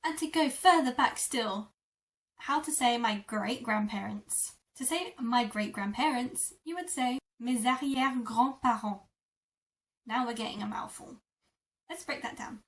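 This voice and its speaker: A woman teaching French vocabulary in a lesson video, repeating words slowly syllable by syllable. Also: a little high, animated, far from the mic. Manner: slow, drawn-out repetition of words. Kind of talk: language lesson.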